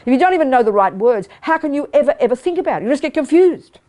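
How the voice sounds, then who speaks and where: A woman's voice: high-pitched, sing-song, rapid-fire, a little mellow. An older woman giving a Buddhist teaching to a live group, emphatic and repeating words for stress, often checking that listeners follow. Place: meditation hall of a study group.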